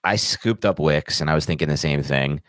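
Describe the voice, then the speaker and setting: A man's voice: a bass voice, moderate pace, fairly bright tone, dry recording, clean studio sound. A man co-hosting a fantasy football podcast, chatting casually in a joking, teasing way. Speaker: podcast co-host. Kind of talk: casual chat.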